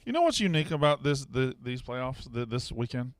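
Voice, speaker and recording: A man's voice: mid-range voice, very animated, a little fast, no echo. A man hosting a casual sports betting podcast, joking and teasing his co-hosts. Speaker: podcast host.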